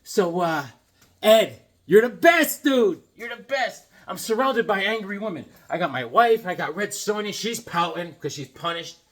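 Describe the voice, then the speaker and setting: A middle-aged man with a fairly high voice chats loosely through an unboxing, joking and circling back to the same phrases. His talk is offhand and unscripted. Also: expressive, measured pace, a bit bright. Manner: rambling, jokey, repeats himself. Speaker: comic book vlogger. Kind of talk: casual unboxing chat.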